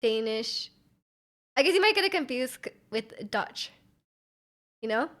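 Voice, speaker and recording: A woman's voice: on the high side, expressive, a little slow, a bit bright. A young woman from Vancouver, streaming live and rambling in casual chat, reading out her chat, using lots of "like" and giggling. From Vancouver, Canada. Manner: rambling, filler-heavy with frequent "like", giggly.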